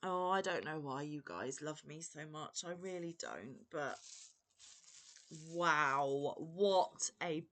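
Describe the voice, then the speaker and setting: Gushing, effusive woman vlogger with a slow, bright voice. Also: low voice, lively intonation. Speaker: crochet vlogger. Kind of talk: unboxing vlog.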